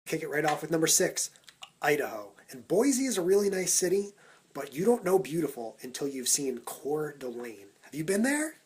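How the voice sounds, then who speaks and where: A man vlogging for social media, talking in an energetic, punchy countdown style into a phone held at arm's length. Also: on the high side, moderate pace, background noise. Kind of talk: upbeat Snapchat vlog talk.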